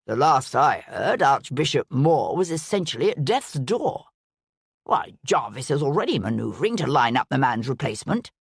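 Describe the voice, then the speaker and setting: A woman voicing a gruff, suspicious older nobleman with a clipped, disapproving way of talking. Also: a bass voice, very animated, moderate pace, no room sound, clean studio sound, heavily acted.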